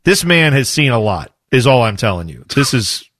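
A man's voice: mid-range voice, sing-song, normal speed, a bit bright, no echo. A man co-hosting a sports talk radio show in casual banter, telling a news story with jokes and chuckles.

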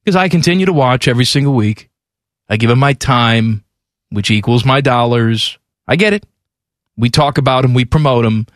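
A man's voice: mid-range voice, normal speed, no echo, studio quality. A man hosting a sports talk radio show, ranting bluntly and confidently about the league.

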